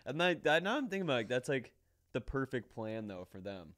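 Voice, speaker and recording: A man's voice: medium pitch, very animated, a little fast, a bit bright. A man hosting a casual talk show, joking, laughing a lot and chiming in with comments. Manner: jokey, laughs a lot, chimes in. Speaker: podcast host. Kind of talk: casual chat.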